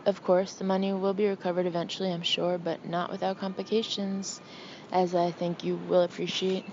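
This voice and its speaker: A woman voicing an older male senior lawyer, jolly but gruff, speaking in a formal, measured, clipped way. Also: fairly low pitch, flat delivery, darkish tone, lo-fi sound, a little hiss or hum, natural voice. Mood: understated.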